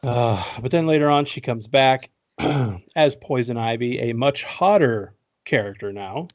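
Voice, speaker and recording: A man talks through a movie's plot in a loose, joking podcast recap, swearing freely and breaking into laughter. His voice sits at an ordinary middle pitch. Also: animated, unhurried, dry recording. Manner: joking, profane, laughs often. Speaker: podcast host.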